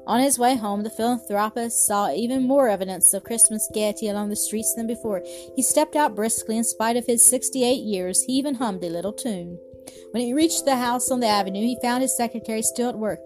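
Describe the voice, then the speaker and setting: A woman reads a storybook aloud in a steady, measured way. Her voice sits fairly high, and quiet music runs faintly underneath. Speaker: narrator. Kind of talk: storybook narration.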